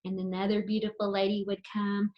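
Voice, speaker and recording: A woman's voice: medium pitch, level tone, brisk, highs cut off. A middle-aged woman teaching preschool children, telling a story and leading circle time in a sing-song, encouraging way, asking them lots of questions.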